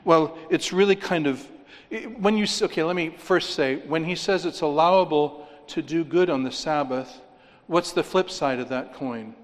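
The pastor's fairly high voice climbs and then drops to a hush as he drives his sermon's points home at normal speed. His words echo with the long reverb of a large hall.

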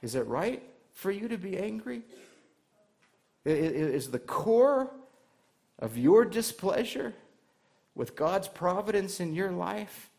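A man's voice: high-pitched, gravelly, a little mellow. A male pastor delivering a conversational sermon to his church, asking the congregation rhetorical questions and adding light humor.

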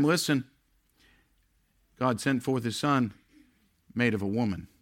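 High, gravelly preacher with sharp tone. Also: male voice. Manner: swings between loud drawn-out emphasis and low near-whispered lines. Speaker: pastor. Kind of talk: sermon.

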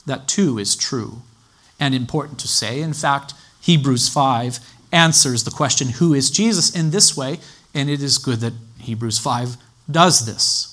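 A man teaching a sermon in a measured, explanatory way, citing scripture references as he goes. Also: mid-range voice, a bit bright. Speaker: Bible teacher.

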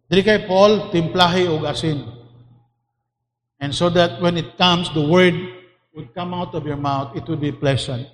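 A man's voice: fairly high pitch, steady tone, normal speed, slight background noise. A man preaching a sermon emphatically, repeating key phrases for stress. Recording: long hall reverb.

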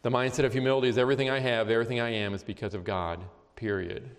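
A man preaching a sermon, emphatic and emotional, dropping to quiet intense passages. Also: mid-range voice, fairly even intonation, racing. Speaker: pastor. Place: church sanctuary. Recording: long reverb of a large hall.

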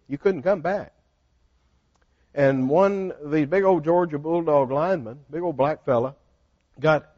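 Older man, Bible study teacher, folksy and animated storyteller; slightly high voice, dull and dry recording. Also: no room sound.

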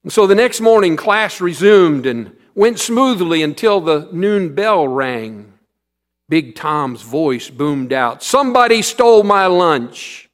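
A male pastor tells a story in his sermon with an earnest, steady delivery. His voice sits a little higher than most men's. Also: slow.

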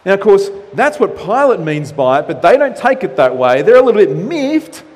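Male pastor, slightly high-pitched, animated sermon delivery, long hall reverb. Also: normal speed. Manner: animated preaching with acted-out quotes.

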